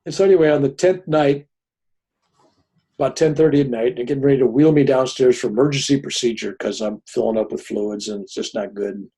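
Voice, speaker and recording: An older man, a podcast guest, telling a personal story in an animated way and often checking in with "right?". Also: medium pitch, brisk, husky.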